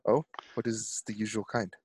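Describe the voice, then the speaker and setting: Brief: a lower-voiced man playing a tabletop game, relaxed in-character talk. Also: moderate pace, a little hiss or hum. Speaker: player.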